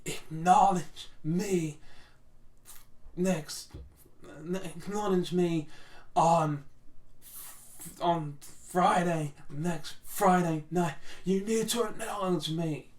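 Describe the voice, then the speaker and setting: A man's voice: sits high, steady tone, very slow, long pauses, roomy sound, far from the mic. A man doing a domineering wrestling champion. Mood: commanding. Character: [impression of] domineering wrestling champion demanding respect.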